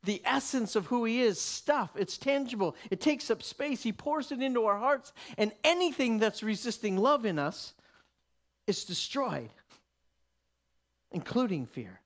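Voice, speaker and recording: A man preaching a sermon in a conversational, emphatic way that sinks to a hush at times. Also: very high voice, sing-song, a little slow.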